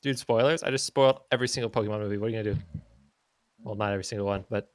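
A young man streaming a game, chatting casually in an excitable, rambling way and slipping into silly voices. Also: lowish voice, racing, no echo. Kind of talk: casual gaming stream chat.

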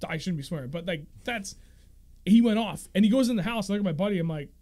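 A man in his thirties hosting a fishing podcast, telling stories in a casual, animated way and laughing often. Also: sits high, fast talker. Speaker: podcast host. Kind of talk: casual chat.

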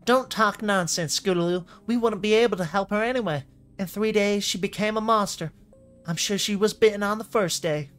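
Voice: medium pitch, normal speed, fairly bright tone, faint music behind, pitched above the performer's own voice, close to an everyday voice. A reader voicing a cruel young filly pony, talking close to their own voice with no accent put on, in a dramatic comic reading. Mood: scornful.

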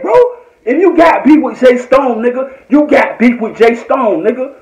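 A man's voice: very high voice, normal speed, a little mellow. A man from Norfolk, Virginia, delivering a heated, repetitive, profane rant on a live stream. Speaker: online commentator. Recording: echoey, dull lo-fi phone audio.

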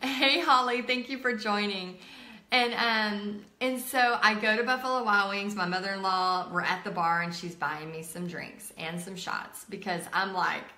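Thirties woman hosting a live art stream, tells stories in a bright, chatty way, recorded in an echoey room. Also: medium pitch, steady tone, moderate pace. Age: 30s. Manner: chatty, filler-heavy, emotional retelling. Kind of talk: casual live-stream storytelling.

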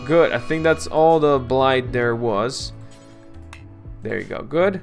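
A man casually commenting on his game, coaxing his colonists, grumbling and swearing at setbacks, and clearing his throat now and then. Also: medium pitch, very animated, measured pace, pauses often, soft background music. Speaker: let's play gamer.

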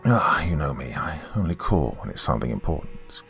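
A man voicing a calm, posh British mission handler with a posh British accent, briefing in a measured way. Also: a bass voice, gravelly, faint music behind, heavily acted.

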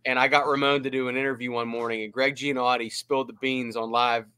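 A man co-hosting a podcast, telling stories in a lively way and slipping into quick impressions of people. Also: medium pitch, clean tone, no echo. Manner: animated storyteller who slips into impressions and laughs. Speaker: podcast co-host, former team staffer. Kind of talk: casual storytelling chat.

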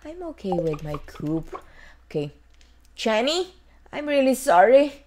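A woman's voice: mid-range voice, expressive, unhurried, darkish tone, slight background noise. A woman casually commenting on her own gameplay, chatting to herself and her viewers as she plays. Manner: chatty, talks to herself and viewers while playing. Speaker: gaming channel host. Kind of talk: casual let's-play commentary. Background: faint game music.

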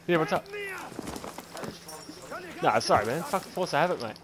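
A man in casual gaming voice chat, excitable and laughing as he talks. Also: fairly high pitch, moderate pace, noisy background. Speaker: gamer in voice chat.

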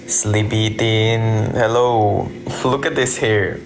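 A man's voice: fairly low pitch, fairly even intonation, takes it slowly, over music. A drowsy man casually chatting with viewers on a livestream from home, rambling and greeting people. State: sleepy, drowsy. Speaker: livestream host. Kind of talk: casual live-stream chat.

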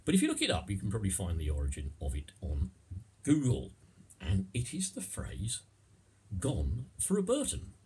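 A man's voice: lowish voice, huge pitch swings, moderate pace, dark tone, husky. A man giving a casual, playful lesson on idioms, now and then slipping into comic voices. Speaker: English teacher.

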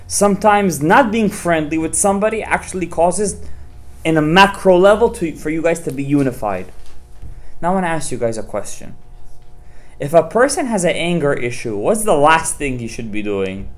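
Lively high-voiced rabbi teaching parents. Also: male voice, normal speed. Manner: animated, fires rhetorical questions at listeners; mixes Hebrew terms into talk. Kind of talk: Torah class for parents.

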